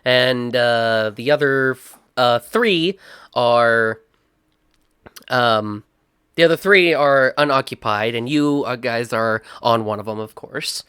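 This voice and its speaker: A man's voice: mid-range voice, slow, fairly bright tone, clear, resonant tone, dry recording, clean studio sound. A man acting as game master for an online tabletop role-playing session, loose and chatty, laughing often.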